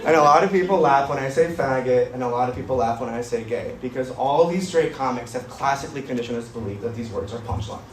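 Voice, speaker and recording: A man doing stand-up comedy on a club stage, with a deadpan, edgy, self-mocking delivery. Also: medium pitch, quick pace, hardly any pauses, a little hiss or hum. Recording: roomy club sound from far, crowd laughter.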